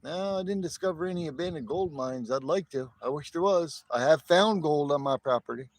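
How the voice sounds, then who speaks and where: A man's voice: fairly high pitch, brisk. A middle-aged man from the northern United States, hosting a casual livestream, rambling with stammered repeats. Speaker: livestream host.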